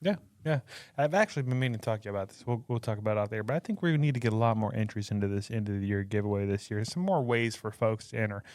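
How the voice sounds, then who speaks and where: A man's voice: fairly low pitch, lively intonation, very fast, a little mellow, no echo, clean studio sound. A man co-hosting a podcast, easygoing and agreeable. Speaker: podcast co-host. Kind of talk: casual chat.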